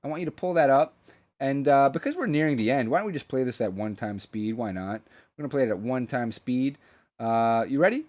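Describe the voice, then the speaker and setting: A man co-hosting a podcast in loose chat, rambling through his points with many false starts. His voice sits at an ordinary pitch and sounds close and dry, with no room around it. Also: expressive, fairly quick, a little mellow, no echo. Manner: rambling, hesitant, with frequent restarts. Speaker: podcast co-host. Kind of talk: casual podcast banter.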